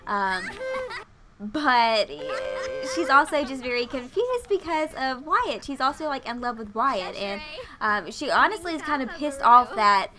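A woman's voice: on the high side, big pitch swings, unhurried, over music. A young woman doing casual gameplay commentary, chatty and gushing with lots of fillers. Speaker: let's play host.

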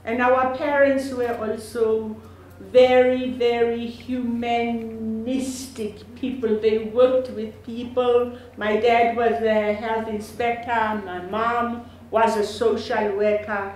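An older South African woman talks slowly and with a lifted, fairly high voice, chatting and joking on a panel and laughing often. Her voice rings in a very echoey lecture hall, with a faint hiss of noise underneath. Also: level tone, a little mellow. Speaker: panel speaker, sister of the honoree. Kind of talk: informal public talk at a lecture panel.

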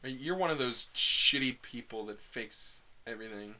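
A young man hosting a casual podcast chat, loud and full of laughter and swearing. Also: medium pitch, normal speed, a little hiss or hum. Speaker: podcast host.

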